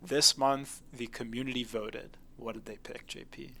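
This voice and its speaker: A man's voice: medium pitch, steady tone, normal speed, vocal fry, pushed and bright. A man co-hosting a casual video game podcast, talking with enthusiasm and emphasis. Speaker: podcast co-host. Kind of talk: casual game review chat.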